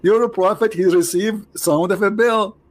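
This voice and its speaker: A man hosting a debate with a caller, teasing and mocking, repeating himself and swinging between loud jabs and low asides. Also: steady tone, moderate pace. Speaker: show host debating a caller.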